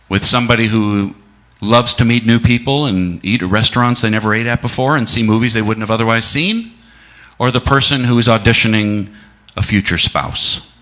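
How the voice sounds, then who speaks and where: In a church sermon, a middle-aged man speaks in an unhurried, reflective way, slowing for emphasis and asking many rhetorical questions. The tone is forceful and bright, and his pitch leans low.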